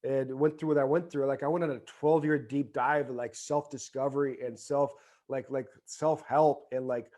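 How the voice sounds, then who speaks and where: This podcast guest, an American ex-ballplayer in his forties, speaks at a normal speed with a steady, darkish tone. His story wanders with many fillers and restarts, then builds into a fervent motivational pitch.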